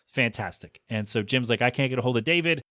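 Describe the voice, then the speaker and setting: A man hosting a podcast, casually recapping a TV episode and acting out the characters' lines with animated swings in his voice. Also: mid-range voice, fast talker, no room sound, clean studio sound. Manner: animated, acts out characters' quotes. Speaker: podcast host.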